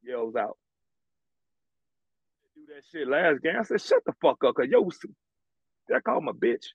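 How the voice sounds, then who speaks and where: A man's voice: fairly high pitch, a little slow, creaky, breathy edge, no room sound, lo-fi sound. A man, a former college basketball player telling stories bluntly and with lots of swearing in an interview. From American South. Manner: blunt, profane, animated storytelling. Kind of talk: casual storytelling interview.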